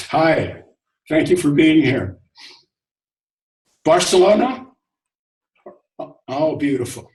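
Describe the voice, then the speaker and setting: Male host, easy storytelling talk, chuckles, recorded with room echo from a distance. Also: a little high. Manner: relaxed storytelling, chuckles often. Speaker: host of an online discussion. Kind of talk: casual spiritual talk. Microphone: video call. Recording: echoey room, distant from mic.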